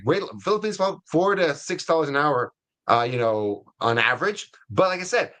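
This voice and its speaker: A middle-aged man with a US Hispanic accent, hosting a webinar in a casual, energetic way with many fillers and restarts. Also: a little high. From Latin America. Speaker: webinar host.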